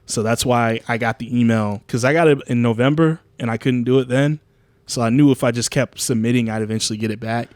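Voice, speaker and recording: A man's voice: a little fast, no room sound. A young man co-hosting a podcast, telling a story in casual chat, swearing and acting out quotes in a raised voice. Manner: animated storytelling, swearing, acts out quotes in a higher voice. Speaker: podcast co-host.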